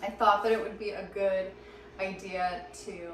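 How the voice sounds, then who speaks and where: A woman's voice: mid-range voice, steady tone, a little slow, music in the background. A woman in her thirties, a mother vlogging from a vacation rental kitchen, talking casually and rambling a bit with fillers as she shows her groceries. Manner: chatty, loose and rambling with fillers. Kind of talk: casual chat, showing groceries. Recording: echoey kitchen with background noise.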